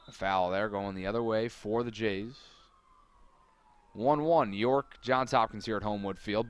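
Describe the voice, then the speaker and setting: Energetic male play-by-play soccer announcer. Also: lowish voice, clean tone. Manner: energetic, builds to shouted calls on big plays. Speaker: play-by-play commentator. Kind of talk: live sports commentary.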